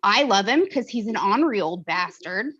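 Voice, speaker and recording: An American woman hosting a casual conversation, an animated storyteller who mimics voices. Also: mid-range voice, normal speed, slightly rough, dull audio.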